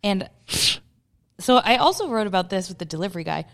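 A woman co-hosting a podcast in loose, chatty conversation. Her voice carries a gravelly, creaky edge. She laughs easily and swears freely as she talks. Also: medium pitch, animated, brisk. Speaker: podcast co-host. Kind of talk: casual chat recapping a movie.

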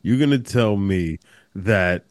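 A man co-hosting a casual podcast chat, animated and laughing a lot as he jokes. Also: deep voice, takes it slowly, no echo, studio quality. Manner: animated, laughs a lot, swings his voice up when joking. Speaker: podcast co-host.

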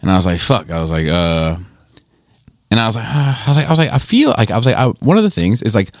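A man's voice: on the low side, expressive, fast, dry recording, studio quality. A man in casual podcast chat who rambles with many restarts.

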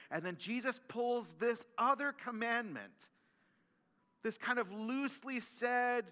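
A male pastor preaching a sermon, animated and emphatic, often repeating and restarting his phrases. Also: a little high, long reverb tail.

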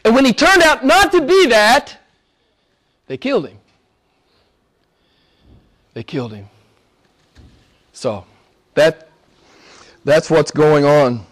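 A middle-aged man, a pastor preaching a sermon, swinging from loud emphatic lines to soft low asides. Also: sing-song, slow pace, long pauses.

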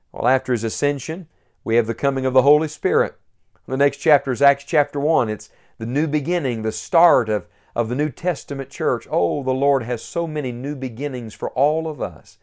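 A man's voice: mid-range voice, normal speed, darkish tone. A man preaching a sermon, earnest and building to emphatic peaks.

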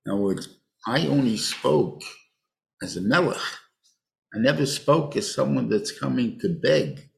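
An older man teaching a Torah class in a halting way, often restarting and mixing in Hebrew terms. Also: medium pitch, lively intonation, vocal fry. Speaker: rabbi teaching a weekly class.

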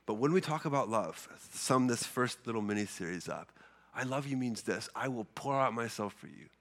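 A man's voice: mid-range voice, expressive, moderate pace. A man preaching a sermon in a conversational, earnest way, often repeating and restarting his words. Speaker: pastor.

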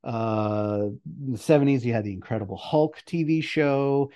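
A man's voice: mid-range voice, moderate pace, mellow, clear, resonant tone. Rambling, laughing man on a podcast. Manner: rambling, swears and laughs often. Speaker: guest presenter. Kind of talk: casual podcast chat.

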